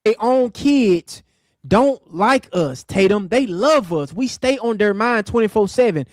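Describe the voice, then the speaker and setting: A man's voice: sits high, lively intonation, measured pace, no room sound, low-quality recording. A man hosting a live reaction stream, talking casually and mocking the clip he answers. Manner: mocking, talks back at the clip. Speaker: livestream host.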